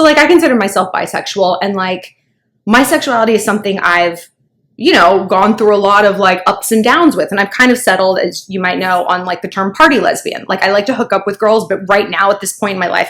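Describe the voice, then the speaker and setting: Brief: chatty female advice vlogger, gossipy and casual, mid-pitched voice. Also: a bit bright. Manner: gossipy, chatty, heavy use of filler likes. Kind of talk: casual vlog chat.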